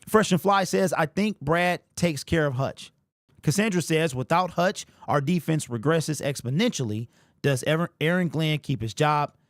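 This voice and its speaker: A man's voice: a little high, dry recording, studio quality. A man hosting a live sports talk stream, speaking emphatically and with emotion, reading comments from the chat. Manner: emphatic, emotional, talks straight to the player. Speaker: sports show host.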